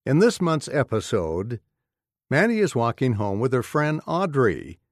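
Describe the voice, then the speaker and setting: A man's voice: medium pitch, very animated, a little slow, no echo, clean studio sound. A man narrating a children's story in a scripted, announcer-like way.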